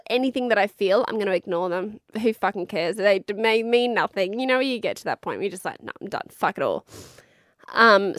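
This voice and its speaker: A woman's voice: on the high side, a bit bright, no echo, clean studio sound. Frank, swearing Australian woman telling a story. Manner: frank and chatty, swears freely, laughs often. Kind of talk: candid personal storytelling.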